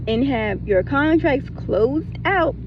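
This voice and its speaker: A woman's voice: high voice, lively intonation, slow pace, muffled recording, background noise. A woman in a casual spiritual talk, blunt and emphatic, who swears, repeats her points and keeps breaking into laughter. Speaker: spiritual content creator.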